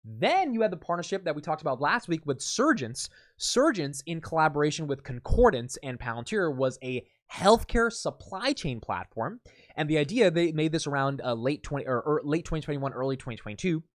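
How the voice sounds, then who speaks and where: A man hosting a daily investing show, giving casual solo commentary in an energetic, explanatory way and talking straight to the viewer. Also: fairly high pitch, a little fast, dry recording, studio quality. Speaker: host of a daily stock analysis show.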